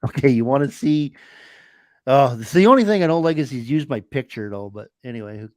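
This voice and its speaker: A man's voice: medium pitch, animated, brisk, a little mellow, no room sound. A man with a Canadian accent hosting a casual live stream from his laptop, rambling and laughing at himself. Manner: rambling, self-deprecating, laughs often. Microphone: laptop mic.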